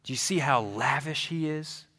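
A man preaching a sermon as pastor, in a conversational, animated style. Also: on the high side, normal speed. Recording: reverberant hall.

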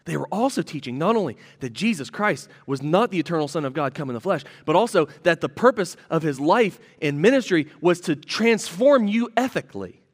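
A man's voice: a little high, expressive, fairly quick, few pauses, in a large hall. A man preaching a sermon as pastor, teaching earnestly and repeating key phrases for emphasis.

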